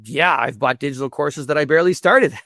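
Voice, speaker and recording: A man speaking as a guest in a conversational interview, earnest and prone to repeating words as he thinks, with a gravelly voice. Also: on the high side, a little fast, bright, forceful tone, no echo, clean studio sound. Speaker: guest, institute executive director.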